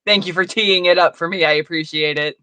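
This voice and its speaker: A woman co-hosting a casual true-crime podcast, wry, sometimes breaking into shrill impressions. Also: fairly even intonation, a little fast, pushed and bright, clean tone. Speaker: podcast co-host.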